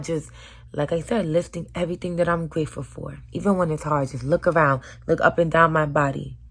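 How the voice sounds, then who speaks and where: Woman vlogger, low voice, hoarse, earnest, loud then hushed. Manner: earnest, swinging between loud urging and soft near-whispers. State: hoarse from screaming. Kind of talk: emotional personal vlog.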